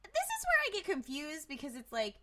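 A woman's voice: high-pitched, a little fast, noisy background. A woman co-hosting a podcast, recapping a TV episode in casual chat, swearing freely and acting out lines. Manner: animated, swears freely, acts out quoted lines. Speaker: podcast co-host.

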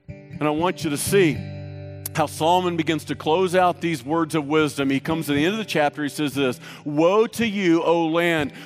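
A man preaching a sermon to a congregation, emphatic, breaking into sung lines and jokes, with faint guitar music behind. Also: on the high side. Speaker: pastor.

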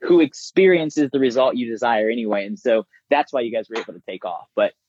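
A man who works as a business coach, talking casually and telling stories with lively impressions of others. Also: mid-range voice, brisk, no echo, highs cut off. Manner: animated storyteller, mimics voices. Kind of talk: casual conversation.

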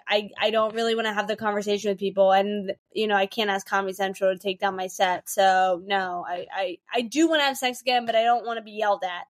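A young woman co-hosting a podcast, telling candid stories in casual chat and acting out the people she quotes. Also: mid-range voice. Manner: candid, rapid storytelling with quoted voices. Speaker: podcast co-host.

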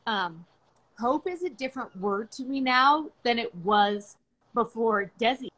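An older woman, a grandmother, hosting a faith-based discussion, speaking earnestly and reflectively with frequent pauses and fillers. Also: fairly high pitch, lively intonation, a bit bright, rough recording. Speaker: podcast host.

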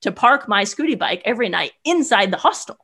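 Young woman guest; animated, filler-heavy storyteller. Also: medium pitch, fairly quick, creaky. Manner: animated, chatty, many "like" fillers. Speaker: guest, solo traveler. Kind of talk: casual storytelling.

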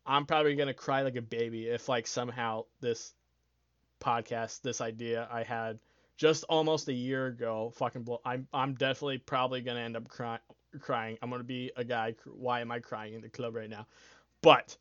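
Young male podcast host, loose and excitable, swears freely, slightly dull dry mic. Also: medium pitch, moderate pace, dry recording. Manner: rambling, swears a lot, excitable, laughs often. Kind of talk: casual solo podcast chat.

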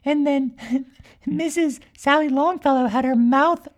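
Woman playing a high, giggly little unicorn girl for a comedy podcast, rambling and mischievous. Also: measured pace. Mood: chatty. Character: cheerful young magical unicorn girl, mischievous. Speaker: podcast character. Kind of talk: improvised comic storytelling.

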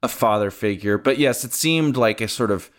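Thoughtful man in a relaxed film chat. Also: lowish voice, moderate pace. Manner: thoughtful, laughs often. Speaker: podcast co-host.

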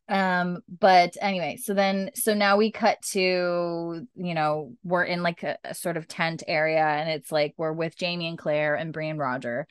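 A low-voiced woman hosts a podcast and recaps an episode in loose, rambling chat. She fills her talk with "like" and "um" and often jumps back to fix what she just said. The sound is close and dry, with no room echo. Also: fairly even intonation, normal speed, few pauses, smooth. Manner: chatty, rambling, full of "like" and "um". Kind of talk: casual chat.

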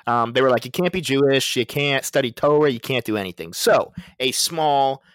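A young man co-hosting a casual podcast, chatty and animated, swearing casually while telling stories. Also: medium pitch, normal speed, clean tone, dry recording, clean studio sound. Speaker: podcast co-host.

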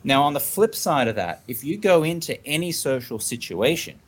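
A man's voice: fairly high pitch, moderate pace, slightly rough. Australian man telling stories animatedly. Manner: animated storytelling, acting out little scenes. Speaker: podcast guest. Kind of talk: casual interview talk.

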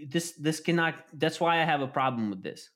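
A man chatting casually on a podcast, animated and swearing constantly as he acts out scenes. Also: fairly high pitch, a little fast. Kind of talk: casual profane chat.

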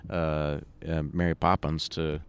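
A man with a very low, gravelly voice talks through a relaxed interview. He rambles, circling back and restarting his sentences as he recalls things. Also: a little slow. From United States. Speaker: musician guest. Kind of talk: conversational interview.

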